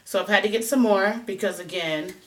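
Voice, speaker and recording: A woman's voice: mid-range voice, brisk, fairly bright tone. A woman chatting casually through a hair how-to, rambling and joking at herself as she goes. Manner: chatty, rambling, self-mocking. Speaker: hair vlogger. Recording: voice a bit distant from the mic.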